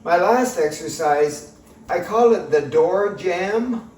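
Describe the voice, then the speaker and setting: A fitness instructor with a high-sitting, animated, darkish voice takes things slowly while leading an exercise demonstration at home, in a bedroom and by a doorway. He's chatty and folksy, making jokey asides to himself. The recording is echoey with a distant mic and faint hiss.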